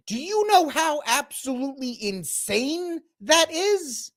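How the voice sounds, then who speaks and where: This Texan commentary host in his thirties has a very high-pitched voice, talks a little slowly, and barely pauses. He's animated and opinionated in his reaction commentary, peppering it with mocking asides and impressions.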